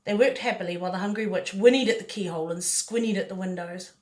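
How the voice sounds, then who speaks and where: A woman's voice: mid-range voice, fast talker. A woman reading a picture book aloud, playful, with chatty asides to the listener. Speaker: storyteller.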